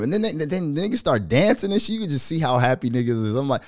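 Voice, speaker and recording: A man hosting a podcast, ranting in a profane, animated, mocking way and laughing between remarks. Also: fairly high pitch, quick pace, few pauses, no room sound, studio quality. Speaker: podcast host. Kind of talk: casual commentary rant.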